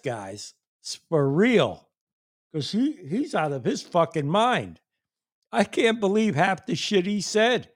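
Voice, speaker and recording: This streamer's political rant is foul-mouthed and incredulous, full of constant cursing and disbelieving laughter aimed at his online viewers. His pitch is high, sing-song and all over the place, while his delivery is slow and weighty.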